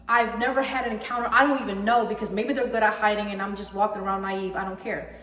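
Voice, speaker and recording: A young woman ranting heatedly about a breakup, emphatic and swearing freely. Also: fairly high pitch. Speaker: vlogger. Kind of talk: personal storytime rant. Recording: echoey room with long reverb.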